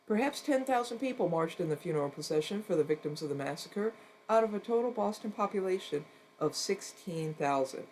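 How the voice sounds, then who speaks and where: A streamer cold-reading a non-fiction history text aloud at a steady pace, saying "quote" and "end quote" around quotations and adding brief wry asides between passages. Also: medium pitch, fairly quick, a little hiss or hum, rough recording.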